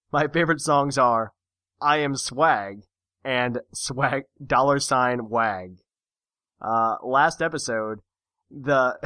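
A man's voice: mid-range voice, pushed and bright, no room sound, studio quality. A man reading a fan letter as a boastful young wannabe rapper, mock-cool and showy. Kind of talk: reading a listener letter aloud.

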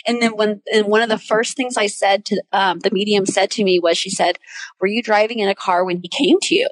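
Animated woman telling a personal story. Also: medium pitch, brisk, dry recording. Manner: animated storyteller, acts out quoted voices. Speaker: guest. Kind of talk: casual podcast chat.

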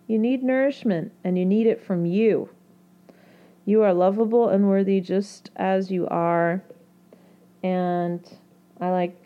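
A woman hosting an astrology talk, speaking gently and reassuringly to her listeners, with casual fillers and restarts. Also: mid-range voice, muffled recording. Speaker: astrology podcast host.

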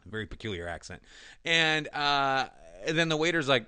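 Man, casual chat, movie retelling, lively swinging pitch, dry close sound. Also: dry recording. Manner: animated, laughing often, quick flat quoted lines.

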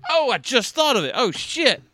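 A man co-hosting a casual podcast chat, talking in a lively way, laughing often and swearing casually. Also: extremely high pitch, normal speed, no echo, studio quality. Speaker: podcast co-host.

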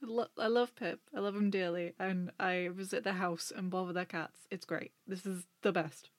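Friendly woman with a low, dry voice. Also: fairly even intonation, moderate pace, dry recording. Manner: friendly, rambling, laughs. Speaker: audio drama voice actor. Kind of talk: casual interview answers.

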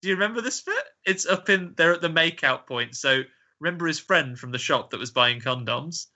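A man's voice: on the high side, lively intonation, brisk, sharp tone. A man hosting a podcast, retelling a film's plot in casual, joking chat and laughing often. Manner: chatty, joking storyteller who often laughs. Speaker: podcast host. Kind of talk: casual film recap chat.

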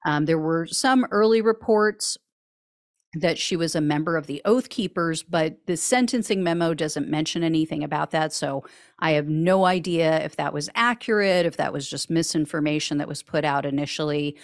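A woman's voice: deep voice, moderate pace, dry recording. A woman hosting a news commentary podcast, recapping court cases with dry, sarcastic asides. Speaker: podcast host.

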